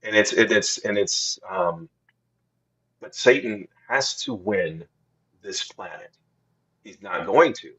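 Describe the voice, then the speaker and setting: Slow, husky man in earnest Bible talk. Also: lowish voice, lively intonation, a bit bright, dull audio. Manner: slow, earnest preaching tone with many restarts. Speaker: co-host of faith podcast. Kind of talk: casual Bible discussion.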